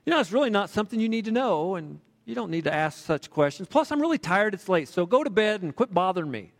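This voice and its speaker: A man acting out a worn-out father who snaps impatiently, his voice pitched up and tight. It rings out with a long reverb, as if in a large hall. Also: normal speed, natural voice. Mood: annoyed. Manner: impatient, snappish. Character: tired, annoyed busy father.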